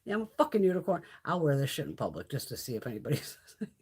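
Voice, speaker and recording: A woman's voice: sits low, very animated, very fast, darkish tone, husky. A middle-aged woman chatting casually and profanely on a beauty live stream, laughing often.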